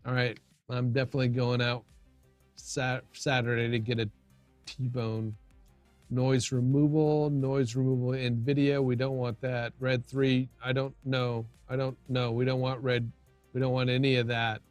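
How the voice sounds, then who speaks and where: A man's voice: medium pitch, flat delivery, unhurried, a little mellow, no room sound, soft background music. A man hosting a casual livestream, chatting loosely with viewers while he tweaks his audio setup, often restarting his sentences. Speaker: livestream host. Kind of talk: casual live-stream chat.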